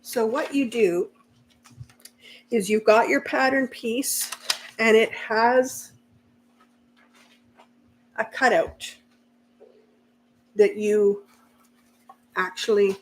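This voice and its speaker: A woman's voice: on the high side, very slow, long pauses, a little hiss or hum. Chatty woman hosting a sewing stream. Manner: chatty, laughs often, reads out viewer comments. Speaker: sewing channel host. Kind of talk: casual live-stream sewing chat.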